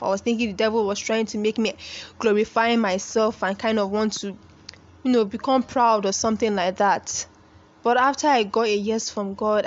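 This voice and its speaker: A young woman hosts a faith podcast, speaking earnestly and pleading with her listeners the way a preacher would. Her voice is medium in pitch, and the recording sounds muffled.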